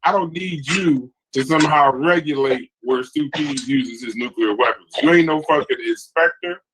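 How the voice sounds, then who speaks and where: A man with a mid-range voice talks at normal speed on a rough recording with slight background noise. Hosting a heated but casual podcast debate, he's animated, reading viewer chat comments aloud and hopping from point to point.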